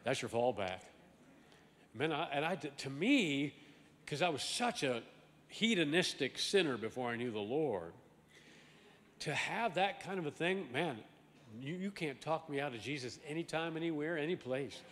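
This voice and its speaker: Man preaching, raised pitch, lively bursts, long hall reverb. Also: normal speed. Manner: emphatic, swings from loud exclamations to low asides; animated, repeats words and restarts. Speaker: pastor. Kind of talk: sermon. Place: large church sanctuary.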